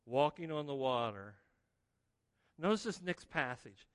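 A man preaching a sermon as pastor, telling the story in an animated way and acting out the scenes. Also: medium pitch, unhurried, pauses often, clear, resonant tone. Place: church sanctuary. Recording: long reverb of a large hall.

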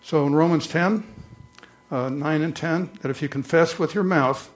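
A man preaching a conversational church sermon, slowing down to read scripture aloud. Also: a little high. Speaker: pastor.

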